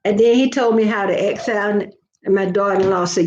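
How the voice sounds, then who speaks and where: A woman's voice: mid-range voice, fairly even intonation, fairly quick, a little mellow, slight background noise. An older woman, chatting casually to her viewers in a rambling, folksy storytelling way. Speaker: vlogger. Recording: roomy, slightly dull sound.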